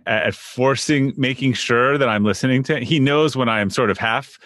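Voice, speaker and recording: A man hosting a podcast interview, relaxed and chatty, often repeating words as he starts a sentence. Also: mid-range voice, normal speed, dry recording, clean studio sound. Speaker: podcast host. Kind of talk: casual interview conversation.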